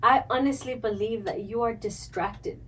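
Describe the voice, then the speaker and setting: Teasing woman co-host, high, very expressive pitch, some Spanish mixed in, slightly distant mic. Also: moderate pace, a little hiss or hum. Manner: teasing, mixes in Spanish phrases. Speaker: podcast co-host. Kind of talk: casual chat. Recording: voice from a bit off the mic.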